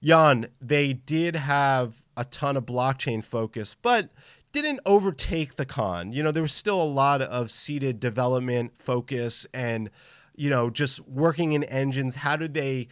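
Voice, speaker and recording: Male podcast host, casual live-stream chat, enthusiastic but travel-tired, middle pitch, dry sound. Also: animated, a little slow, a bit bright, clear, resonant tone, dry recording. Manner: enthusiastic, greets chat viewers by name.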